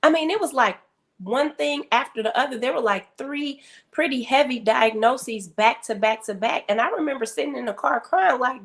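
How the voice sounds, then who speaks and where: This middle-aged grief speaker has a high voice and talks at normal speed. She's an animated storyteller in an interview setting, voicing the people in her tale as she quotes them.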